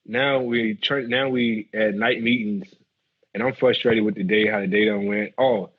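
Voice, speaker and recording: A man, a former football player telling animated stories in an interview. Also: lowish voice, moderate pace, breathy edge. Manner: animated storyteller acting out quotes. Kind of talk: storytelling interview. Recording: muffled lo-fi audio.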